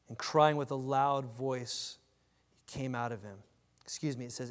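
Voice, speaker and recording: Animated preacher man in a reverberant hall. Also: medium pitch, normal speed. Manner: animated preaching with repeated restarts. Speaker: pastor. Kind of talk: sermon.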